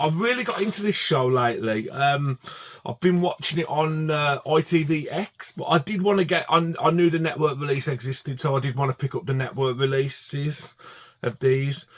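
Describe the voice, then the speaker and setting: A man's voice: on the high side, slight background noise. A man chatting casually to camera about his DVD collection, enthusiastic and full of fillers and restarts.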